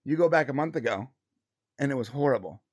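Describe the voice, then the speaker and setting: A man's voice: mid-range voice, quick pace, breathy edge. A man co-hosting a live show, chatting casually with many restarts and laughs. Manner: animated, restarts a lot, laughs. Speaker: co-host of a live pop culture show. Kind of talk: casual chat.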